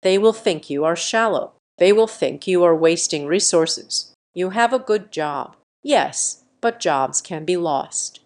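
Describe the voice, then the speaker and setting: A woman's voice: lowish voice, lively intonation, takes it slowly, few pauses. A woman reading a stern, scolding father. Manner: cold, scolding, lecturing. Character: stern commanding father, middle-aged man.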